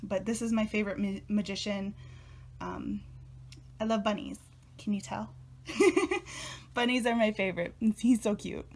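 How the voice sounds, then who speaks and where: A young woman chatting casually as a tarot vlogger, a little out of breath, bubbly and excitable and laughing often. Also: mid-range voice, measured pace, pauses often. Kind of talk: casual chat.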